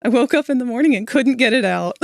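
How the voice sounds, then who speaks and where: A young woman chats casually with viewers while drawing on a live stream, sounding sleepy but breaking into animated, laughing bursts. Her voice is a little high and creaky, she talks fast, and the studio-quality audio has no room sound.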